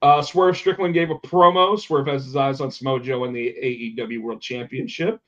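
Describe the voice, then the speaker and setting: Animated, swearing podcast host man. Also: medium pitch, normal speed. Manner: animated, swears, acts out quotes. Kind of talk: casual chat about pro wrestling. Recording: dull lo-fi sound.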